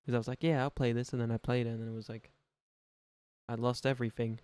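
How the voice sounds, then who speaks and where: A man's voice: medium pitch, completely flat delivery, fast talker, a little mellow, no echo. Joking streamer guy. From Australia. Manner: joking, rambling, laughs often. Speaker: livestreamer. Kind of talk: casual gaming livestream chat.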